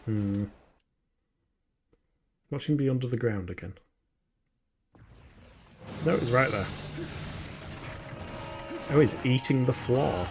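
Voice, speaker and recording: A man's voice: medium pitch, expressive, slow pace, long pauses, music in the background. Yorkshire guy doing live game commentary, chatty n jokey, answers chat, swears when the monster jumps him. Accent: Yorkshire English. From England. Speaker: gaming streamer. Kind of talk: live let's-play commentary.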